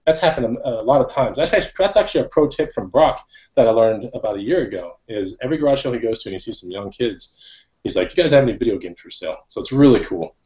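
A man hosts a relaxed chat show and talks quickly, with rapid words piling into loose, slangy rambles. His voice sits in a middle range and sounds dull and lo-fi. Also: medium pitch. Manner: fast, rambling, laid-back slang. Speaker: host. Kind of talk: casual chat.

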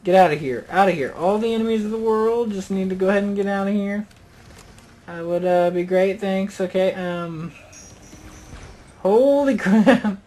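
A man's voice: sits high, steady tone, moderate pace, a little mellow. A young man commenting on his own gameplay with rambling sarcasm and lots of "you know". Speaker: gaming channel host. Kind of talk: let's play commentary.

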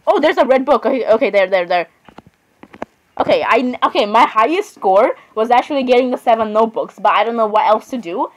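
A woman's voice: a little high, animated, a little fast, slight background noise, rough recording. A woman giving casual let's-play commentary on a horror game. She is chatty, giggles often, apologizes a lot and talks to the game characters. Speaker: gamer playing a horror game.

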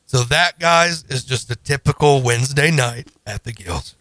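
A man in his thirties, a podcast co-host, telling a story in a casual, animated, self-deprecating way. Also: mid-range voice, normal speed, dry recording.

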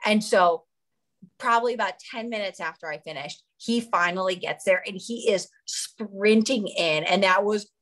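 A woman's voice: medium pitch, normal speed, a bit bright. A young woman from the United States, an Olympic runner, chatting casually as an interview guest, giggling often and filling her speech with "like". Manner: bubbly, giggly, fillers of "like".

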